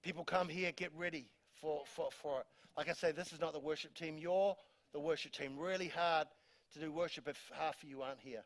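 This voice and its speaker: A man's voice: fairly high pitch, steady tone, brisk. A man with a New Zealand accent preaching a sermon in church, emphatic, repeating words and reading scripture aloud. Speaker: pastor. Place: church hall.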